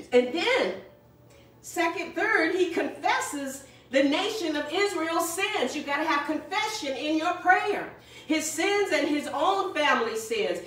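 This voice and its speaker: A high-pitched woman preaching with a bright, ringing tone, pressing her points and repeating phrases to drive them home. The recording is heavily echoey, with her voice picked up from some distance in a church sanctuary. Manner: emphatic, repeats key phrases, exhorts the congregation. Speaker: pastor. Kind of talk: sermon. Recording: very echoey room, voice far from the mic.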